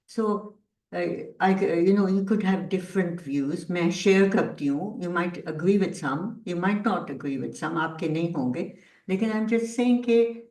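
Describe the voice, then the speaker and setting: A woman's voice: fairly low pitch, normal speed, a little mellow. Woman teacher leading a workshop, thoughtful and questioning, recorded from a distance in a roomy space. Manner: reflective, poses rhetorical questions. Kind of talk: online workshop talk. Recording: roomy echo, distant from the mic.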